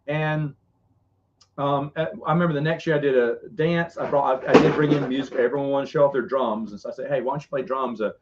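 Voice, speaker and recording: A middle-aged man telling rambling, animated stories as a podcast co-host in casual chat. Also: medium pitch, quick pace, very noisy. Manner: rambling, animated, frequent restarts. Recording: dull lo-fi sound.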